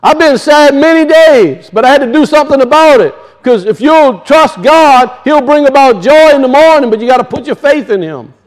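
A man's voice: very high voice, animated, moderate pace, few pauses. A male pastor preaching a sermon, emphatic, with rhetorical questions and casual asides.

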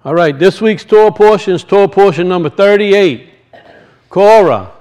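A man's voice: high voice, moderate pace, a little mellow. A man teaching the weekly Torah portion as a sermon, earnest and repeating key phrases for his listeners. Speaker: Bible teacher.

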